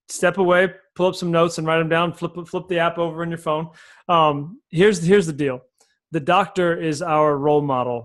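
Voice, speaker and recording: A man speaking as a sales coach on a podcast, explaining his method in an energetic, folksy way and repeating key phrases. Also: on the high side.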